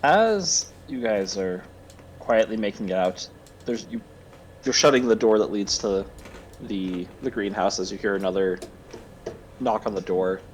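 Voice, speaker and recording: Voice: sits low, lively intonation, measured pace, long pauses, slight background noise. A game master narrating a tabletop game over voice chat, easygoing and prompting the players.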